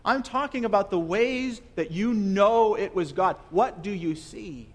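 Young guy preaching, high voice, earnest, repeats himself a lot, goes loud then real soft. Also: lively intonation, measured pace. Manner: earnest, repeats words, asks rhetorical questions; shifts between loud emphasis and soft near-whispers. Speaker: pastor. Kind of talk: sermon.

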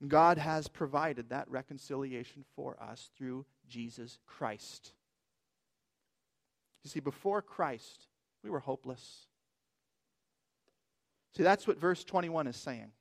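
A man's voice: high voice, a bit bright. A man preaching a sermon as pastor, emphatic and asking rhetorical questions.

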